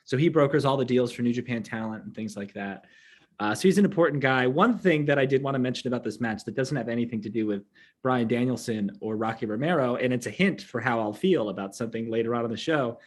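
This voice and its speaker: A man co-hosting a casual wrestling talk show, upbeat and quick to laugh. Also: mid-range voice. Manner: enthusiastic, laughs often. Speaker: podcast co-host. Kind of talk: casual chat.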